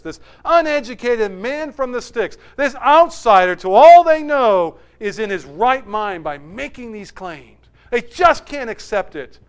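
Male pastor, high smooth voice, emphatic sermon delivery with big loud-to-quiet swings.

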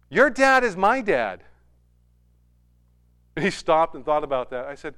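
Man preaching with a smooth, raised voice. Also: on the high side, sing-song, moderate pace, a bit bright. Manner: storytelling, rising to emphatic heights. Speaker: pastor. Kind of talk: sermon.

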